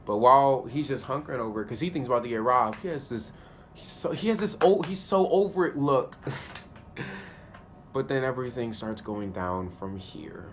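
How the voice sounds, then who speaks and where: A man chatting through a TV episode recap in an easygoing, slang-heavy way, laughing along as he goes. His voice sits at an ordinary middle pitch, and a faint hiss of background noise runs under it. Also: moderate pace. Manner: animated, slangy, laughs often. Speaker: TV show reviewer. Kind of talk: casual spoken episode review.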